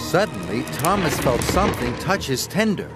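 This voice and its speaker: A man narrating a children's story in an expressive, measured storytelling manner. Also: a little high. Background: background music.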